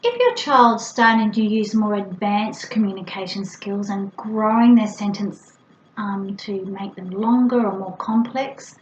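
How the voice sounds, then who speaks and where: A woman's voice: mid-range voice, slight background noise. A middle-aged woman, a speech pathologist, patiently explaining to parents and breaking into exaggerated, playful sound demonstrations. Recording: roomy, slightly dull with faint ambience.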